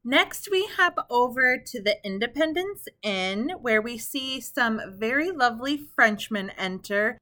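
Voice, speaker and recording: Young woman co-host, bright tone, giggly recap chatter. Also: a little high, animated, measured pace, few pauses. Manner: chatty, giggly, narrates episode plot. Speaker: podcast co-host recapping a TV show. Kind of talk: casual chat.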